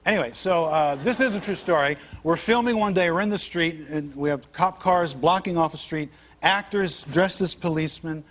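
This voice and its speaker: A man's voice: on the high side, moderate pace, a bit bright. A man who is a comedian and actor, a guest on a late-night talk show, telling a comic anecdote and mimicking other people's voices. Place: TV studio with a live audience. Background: studio audience.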